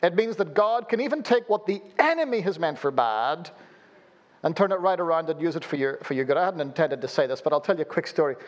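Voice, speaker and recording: A pastor preaches a sermon full of humorous stories, delivered animatedly at a quick pace. Now and then he drops suddenly into a low, quiet voice.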